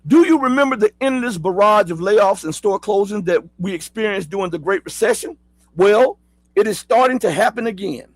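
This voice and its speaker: Husky Southern man with a high voice. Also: animated, moderate pace, dry recording, rough recording. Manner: talks straight to viewers, asks rhetorical questions, spells words out. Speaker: host. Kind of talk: casual commentary, reading an article aloud.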